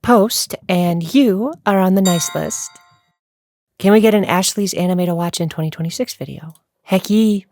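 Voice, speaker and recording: A woman's voice: on the low side, normal speed, darkish tone, a little hiss or hum. A woman answering viewer questions in a casual, chatty vlog, rambling and laughing often.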